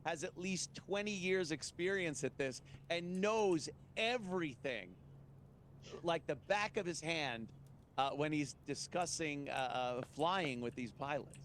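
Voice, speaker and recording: A man's voice: a little high, expressive, unhurried, a bit bright, a little hiss or hum. A man hosting a casual talk show, blunt, crude and emphatic in his delivery. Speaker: podcast host. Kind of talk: casual chat.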